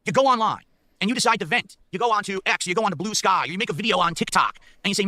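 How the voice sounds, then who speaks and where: A man pours out an emphatic rant to his viewers, racing along in a high voice. He keeps checking in with the audience. The sound is bright and dry. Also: rapid-fire, no echo. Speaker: online streamer. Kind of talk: ranting monologue to viewers.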